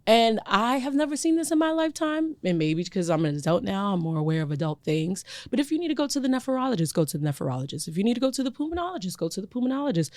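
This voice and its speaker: Animated woman podcast co-host, dry sound. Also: on the low side, very fast, few pauses, dry recording. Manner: animated, emphatic and repetitive, laughs often. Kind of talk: casual chat.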